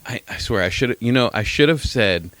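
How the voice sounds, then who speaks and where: A man's voice: medium pitch, animated, brisk, fairly bright tone, no room sound. A middle-aged man co-hosting a podcast, telling a story in rambling casual chat, repeating himself and swearing now and then. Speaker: podcast co-host.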